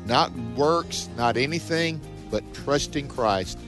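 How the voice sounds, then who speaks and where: A man's voice: medium pitch, lively intonation, slow pace, over music. A man co-hosting a radio Bible discussion, speaking emphatically and often restarting his phrases. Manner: emphatic, repeats words when starting phrases. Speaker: radio co-host.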